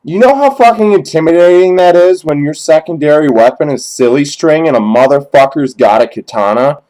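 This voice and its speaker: A young man performing a dry, halting comedy monologue in character, crude and profane, recorded on a cheap webcam. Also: on the high side, lively intonation, warm tone, rough recording. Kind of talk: deadpan rambling character monologue.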